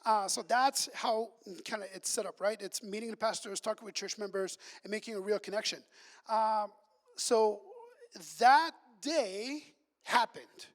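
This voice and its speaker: Man, high-pitched, camp director, chatty storytelling, acts out quotes, long hall reverb. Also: measured pace. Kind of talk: storytelling ministry update. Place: church hall.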